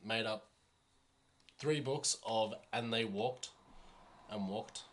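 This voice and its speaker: Aussie bloke cohosting, jokes around, laughs a lot, sharp bright tone. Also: male voice, lowish voice, takes it slowly, slight background noise. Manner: jokey, laughs easily, swears. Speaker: podcast co-host. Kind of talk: casual podcast chat.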